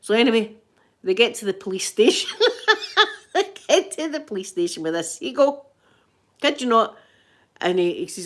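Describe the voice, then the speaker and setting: A woman's voice: medium pitch, brisk, pauses often. A Scottish woman hosting an ASMR livestream, chatting casually and acting out the people in her stories. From Scotland. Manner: animated, acts out the quoted people. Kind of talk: casual storytelling chat.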